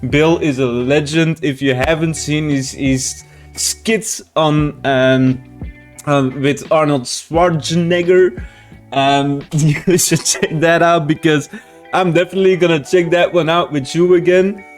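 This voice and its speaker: A laid-back man hosting a reaction channel, his voice a little high. He talks loosely, swears freely and breaks into laughter, with faint music behind him. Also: steady tone, measured pace. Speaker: reaction video host. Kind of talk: casual reaction commentary.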